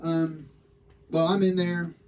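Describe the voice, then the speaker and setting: A man paranormal investigator recounting a case in a casual interview, halting and repeating his words. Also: on the high side, little pitch movement, low-quality recording.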